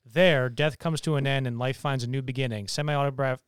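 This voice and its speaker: A young man co-hosting a casual movie review chat, animated and quick with asides. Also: mid-range voice, heavy background noise. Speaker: podcast co-host.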